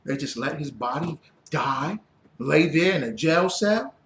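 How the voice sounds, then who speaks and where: A man preaching a fiery sermon as a religious teacher, blunt and profane, rising to shouts. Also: a little high, lively intonation, unhurried, slight background noise. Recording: roomy echo.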